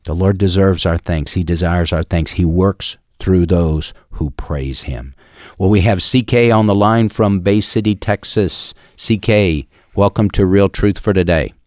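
Radio host, a man with a low voice, earnest preaching delivery, dry close sound. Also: a little mellow, no echo. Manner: earnest storytelling with emphatic pauses. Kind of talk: radio preaching and call-in hosting.

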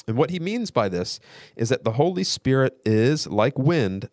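A man guest-hosting a radio show, giving an earnest, measured theological teaching talk that builds through repetition. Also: mid-range voice, very animated, darkish tone, no echo, studio quality.

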